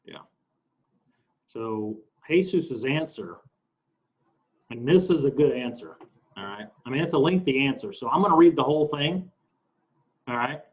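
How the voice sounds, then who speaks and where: A man co-hosting a casual talk show, reading a transcript aloud slowly and deliberately. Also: mid-range voice, animated, highs cut off. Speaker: podcast co-host.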